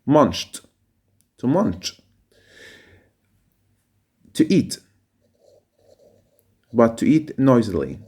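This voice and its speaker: A man's voice: mid-range voice, very animated, darkish tone, breathy edge. Man explaining a reading passage. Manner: reads a passage aloud and explains words, with many pauses and fillers. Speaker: teacher.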